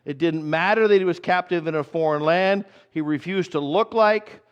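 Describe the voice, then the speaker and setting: A male pastor preaches in a conversational sermon style, with a slightly high voice. He slows down to repeat his key points. The sound is a bit dull, like a church recording. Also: smooth.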